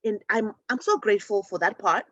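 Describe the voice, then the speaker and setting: A woman hosting a spiritual show and leading a forgiveness practice, speaking earnestly, restarting and repeating words, and addressing souls with soft affirmations. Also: medium pitch, fairly quick, no echo, highs cut off. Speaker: show host.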